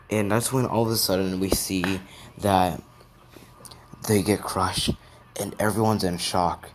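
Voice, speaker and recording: Low-voiced man telling a rambling story. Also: steady tone, a little slow, a little hiss or hum. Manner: rambling, with restarts. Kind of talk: improvised fan story narration.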